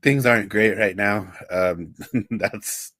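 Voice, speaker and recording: An American man with a very low voice, recorded dry and close. He co-hosts a casual podcast chat, speaking haltingly and circling back with fillers. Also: a bit bright, no room sound. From USA. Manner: halting, many fillers and restarts. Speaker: podcast co-host.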